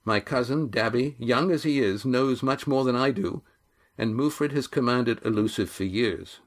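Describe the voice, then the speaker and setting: A man's voice: medium pitch, normal speed, voice pushed up, lightly acted. A man voicing a young seafaring grandson who speaks earnestly and declaims a proclamation.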